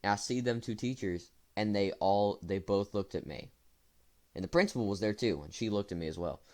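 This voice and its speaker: A man's voice: on the low side, fairly quick. A young man casually telling a rambling story to his viewers, full of fillers and restarts. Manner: rambling, with fillers and self-corrections. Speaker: storytime vlogger.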